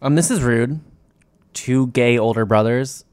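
A young man co-hosting a podcast, teasing his partner with wry, quick asides. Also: medium pitch, darkish tone, clean tone, no room sound, studio quality. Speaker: podcast co-host. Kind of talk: casual podcast chat.

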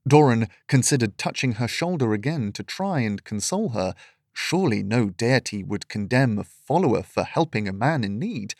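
A man reading a fantasy story aloud in steady, measured scripted narration. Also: mid-range voice, no echo, studio quality.

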